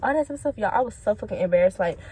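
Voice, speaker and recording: A woman's voice: mid-range voice, racing, slightly rough. A young woman telling a casual, profane story about quitting a job, talking straight to her viewers. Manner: blunt, profane, animated, talks straight to viewers. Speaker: storytime vlogger.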